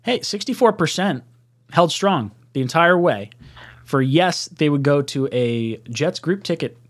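A man co-hosting a casual sports chat stream, animated and self-mocking, breaking into laughs as he tells stories. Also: on the high side, a little slow. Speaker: podcast co-host.

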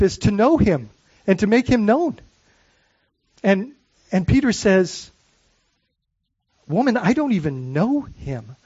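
A man delivers a sermon as pastor, his voice sitting high for a man. He talks earnestly, poses question after question and often restarts his sentences. The recording is dry and a little muffled. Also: a little mellow, dry recording. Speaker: lead pastor.

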